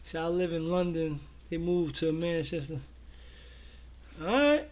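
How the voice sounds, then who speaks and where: Laid-back high-voiced man chatting with viewers. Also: a little slow, darkish tone. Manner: laid-back, slangy, many repeated fillers. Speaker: co-host of a reaction show. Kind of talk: casual livestream chat with viewers.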